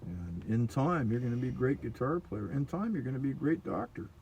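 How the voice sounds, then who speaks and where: A man and guitar player giving advice in casual storytelling chat, rambling and animated, swinging between loud and soft. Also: mid-range voice, brisk, creaky, dull audio. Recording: very echoey room, distant mic, faint noise.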